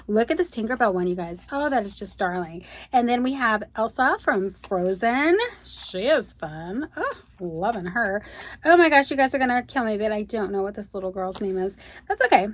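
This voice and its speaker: A woman's voice: mid-range voice, animated, a little fast. A woman, unboxing at home and gushing to her viewers in casual chat. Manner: gushing, exclaims often, addresses viewers as you guys. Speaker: unboxing video host. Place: home room.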